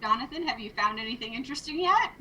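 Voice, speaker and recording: A woman playing in a tabletop game, chatty and quick to react with exclamations. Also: a little high, expressive, sharp tone, slight background noise, rough recording. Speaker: player.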